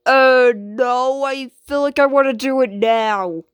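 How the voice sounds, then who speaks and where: A woman's voice: high-pitched, takes it slowly, clean tone, no room sound. A woman voicing a stubborn, whiny female washing machine in a homemade skit, defiant and slangy.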